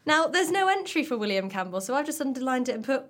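A woman's voice: high-pitched, very animated, fast, a bit bright. Chatty woman podcast co-host. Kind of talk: casual chat.

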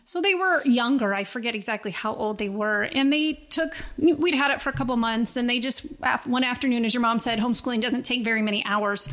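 A middle-aged woman, a mother, telling a family story in a casual, animated way and acting out her children's lines. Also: fairly high pitch, brisk, hardly any pauses. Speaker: guest, mother.

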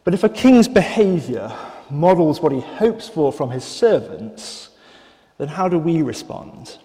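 A man's voice: fairly high pitch, big pitch swings, mellow. Thoughtful male preacher in a reverberant church. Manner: thoughtful, measured, with fillers and restarts. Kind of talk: sermon.

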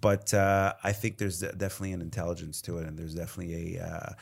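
Comedian guest, male, lower register, rambling and chatty. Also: little pitch movement, quick pace, gravelly. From Canada. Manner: rambling, heavy on fillers and acted-out quotes. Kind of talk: casual interview chat.

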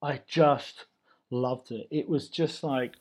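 A man's voice: medium pitch, steady tone, slow, darkish tone. An Australian man in his thirties, a chef, chatting in a casual interview and telling stories from his career with open enthusiasm. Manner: enthusiastic, loose storytelling. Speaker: chef, guest.

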